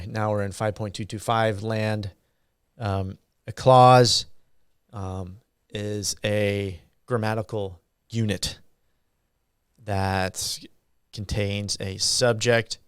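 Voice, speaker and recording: A man giving a university grammar lecture, slow and halting with frequent ums and uhs. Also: fairly low pitch, clean tone, no room sound, clean studio sound.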